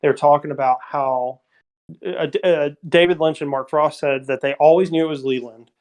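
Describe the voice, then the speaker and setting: A man talking about films on a podcast, animated, with many fillers, often acting out lines. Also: fairly high pitch, moderate pace. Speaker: podcast co-host or guest. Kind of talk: casual film discussion.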